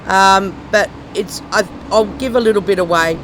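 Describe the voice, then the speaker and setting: A middle-aged woman guest, hoarse and husky from laryngitis, chatting casually with lots of ums and restarts. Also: mid-range voice, moderate pace, fairly bright tone, slight background noise, poor audio. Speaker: comedian guest. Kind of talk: casual chat.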